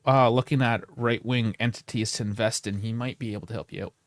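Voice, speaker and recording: A man's voice: mid-range voice, fairly even intonation, fast talker, no room sound, clean studio sound. A man co-hosting a casual sports podcast and running the stream, tossing in wry, joking asides.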